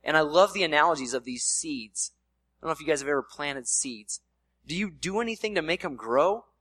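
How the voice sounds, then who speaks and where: A man's voice: on the high side, expressive, fairly quick, fairly bright tone, dry recording. Conversational male pastor, dry sound. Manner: conversational preaching with playful voiced asides. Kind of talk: sermon.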